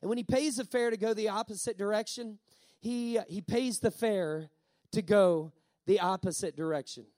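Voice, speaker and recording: A male pastor preaching a sermon, emphatic, repeating key lines and slowing down on words for effect. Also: high-pitched, a little mellow, no echo.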